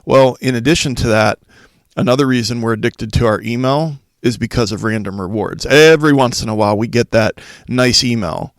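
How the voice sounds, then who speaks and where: A man's voice: mid-range voice, brisk, no room sound, studio quality. A man hosting a solo podcast, explaining ideas point by point in a casual, unscripted way with some fillers and restarts. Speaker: podcast host for school leaders.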